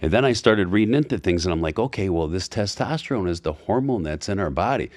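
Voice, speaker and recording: A man's voice: deep voice, lively intonation, fast talker, darkish tone, no room sound. A man in his fifties, a podcast guest, chatting casually and acting out quoted dialogue as he tells stories, with frequent asides. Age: 50s. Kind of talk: casual conversation. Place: Florida.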